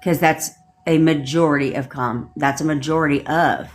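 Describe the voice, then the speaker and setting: A woman's voice: low-pitched, moderate pace. A woman manifestation coach on a livestream, ranting bluntly with lots of swearing and repeating commanding affirmations.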